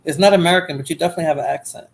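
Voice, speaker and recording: A woman's voice: deep voice, very fast, gravelly, slight background noise, low-quality recording. A woman hosting a casual livestream, chatting to viewers in chat by name in a drowsy, rambling way. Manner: drowsy, rambling with fillers and restarts. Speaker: livestream host.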